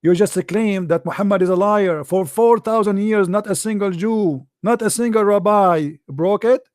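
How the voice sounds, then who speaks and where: A man's voice: high-pitched, normal speed, a little mellow, no room sound, studio quality. A man giving a scornful, emphatic commentary monologue in non-native English phrasing, repeating phrases and laughing often. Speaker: online religious debater.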